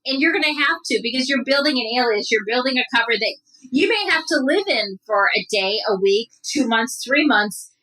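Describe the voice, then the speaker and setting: A woman as a podcast guest in casual chat, joking and animated as she tells stories. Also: fairly high pitch, brisk, distant mic, rough recording.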